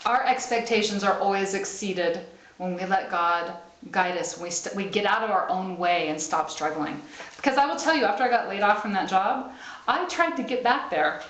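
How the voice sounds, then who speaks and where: A woman's voice: medium pitch, moderate pace, fairly bright tone. A middle-aged woman speaker giving a live sermon to a small group, talking conversationally, laughing often and checking in with "right?". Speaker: spiritual speaker. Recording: roomy live stream recording.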